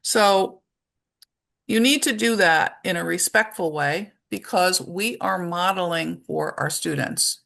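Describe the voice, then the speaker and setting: A woman's voice: fairly low pitch, slow, gravelly, a bit bright. A woman presenting a webinar to parents and teachers, speaking conversationally and explaining her points through everyday examples.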